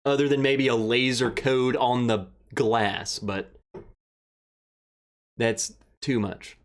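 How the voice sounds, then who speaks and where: Rambling, excitable male livestream host. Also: mid-range voice, slow pace. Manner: rambling, excitable, emotional, greets chatters by name. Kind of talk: casual livestream chat, reading viewer comments.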